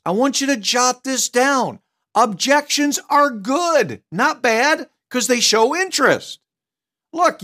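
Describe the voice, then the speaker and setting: High-voiced, punchy middle-aged male sales coach. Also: a bit bright. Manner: direct, emphatic coaching with sudden punchy asides; switches tone to act out customers. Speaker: mortgage sales trainer. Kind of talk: recorded training seminar.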